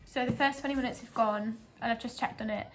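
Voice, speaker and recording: A woman's voice: a little high, steady tone, fast talker, a bit bright. A young woman, a lifestyle blogger, chatting casually in her home kitchen with rambling, giggly asides and a slightly breathless delivery. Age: young adult. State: a bit out of breath.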